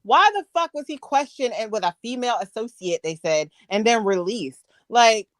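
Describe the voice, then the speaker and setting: A woman's voice: on the high side, big pitch swings, a little fast, no echo. A woman co-host ranting angrily and profanely in commentary. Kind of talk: angry commentary.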